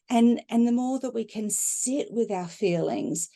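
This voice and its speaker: Mellow-voiced woman, animated talker. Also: on the high side, unhurried, few pauses. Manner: animated, acts out inner voices with laughter. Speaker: guest speaker on emotional healing. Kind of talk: conversational talk.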